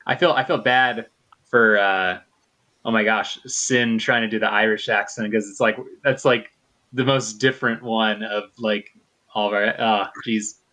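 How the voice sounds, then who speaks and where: West Coast guy, bright forward voice, rambling player chatter. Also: on the low side, steady tone, measured pace. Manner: rambling, restarts sentences a lot. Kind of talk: casual chat at a tabletop game.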